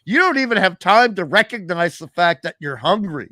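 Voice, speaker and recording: A man hosting a casual chat, musing at length with drawn-out asides. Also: high voice, very animated, noisy background. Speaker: podcast host.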